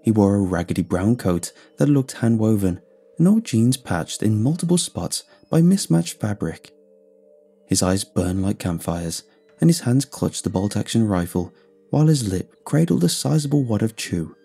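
Mellow, husky male storyteller. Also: fairly low pitch, lively intonation, moderate pace, faint music behind. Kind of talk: scripted narration of a first-person story.

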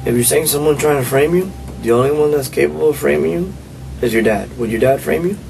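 Give me a male detective with a gravelly voice, pressing hard in an interrogation. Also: on the high side, fast talker, a little mellow, faint music behind, rough recording. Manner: pressing, accusing questions. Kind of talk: police interrogation recording.

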